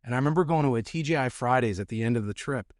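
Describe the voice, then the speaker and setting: A candid podcast host from New Jersey, a man telling a story in casual chat. His voice is mid-pitched and dry, recorded close with little room sound, and he restarts phrases and swears freely. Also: rapid-fire, dry recording.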